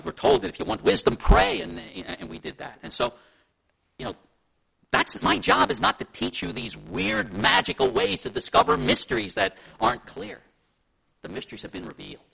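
A man's voice: high voice, creaky, sharp tone, husky, poor audio. A male pastor with a Pennsylvania Dutch accent, teaching a Sunday school class in a conversational, rambling way full of anecdotes.

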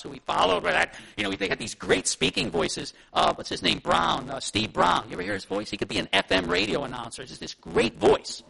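A man's voice: high-pitched, gravelly, pushed and bright, slightly rough, poor audio. A male pastor with a Pennsylvania Dutch accent, teaching a Sunday school class in a conversational, rambling way full of anecdotes.

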